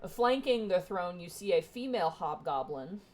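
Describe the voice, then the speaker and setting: Woman game master, low relaxed voice. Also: moderate pace. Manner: relaxed, describing scenes with fillers. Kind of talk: narrating a tabletop game.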